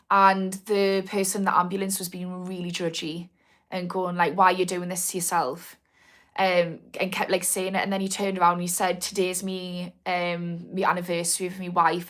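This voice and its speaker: A woman's voice: fairly low pitch, fairly bright tone. A woman with a North East English accent, an addiction recovery coach chatting on a live stream, rambling with many restarts. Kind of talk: live stream chat answering comments.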